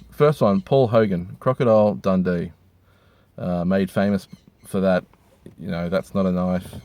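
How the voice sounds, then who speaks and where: A hungover man, rambling crudely and with deadpan humor while reviewing hats from inside a car. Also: sits low, creaky, dry recording. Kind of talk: casual rambling monologue.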